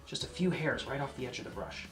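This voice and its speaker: A man giving a casual painting lesson, chatting to the viewer and often checking in, sometimes dropping to a soft near-whisper as he works. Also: medium pitch, fast talker, over music. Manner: drops to a soft near-whisper while working. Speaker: painting instructor.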